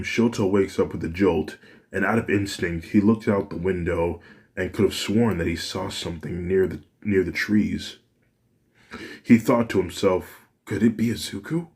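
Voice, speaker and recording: Deep, slow-reading male narrator. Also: creaky. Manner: plain unhurried reading. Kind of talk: fan story narration.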